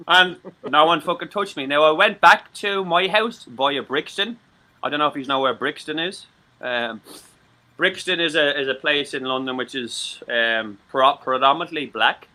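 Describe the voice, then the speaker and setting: A man's voice: a little high, normal speed, sharp tone. An Irish man from Ireland chatting on a live-stream talk show, rambling and swearing, with many stammered restarts. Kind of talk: casual live-stream chat.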